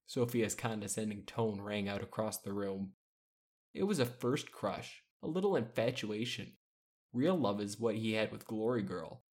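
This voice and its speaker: A man narrating a fan-made audiobook in a steady, even manner. His voice sits fairly low. The delivery stays measured through descriptive passages.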